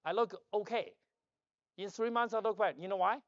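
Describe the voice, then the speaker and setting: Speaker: man, loud and rambling at the podium, joking, dull and dry sound. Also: high-pitched, steady tone, normal speed, no room sound. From China. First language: Chinese. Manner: loud, emphatic, joking asides. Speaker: conference speaker. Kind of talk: rambling conference talk. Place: conference hall stage.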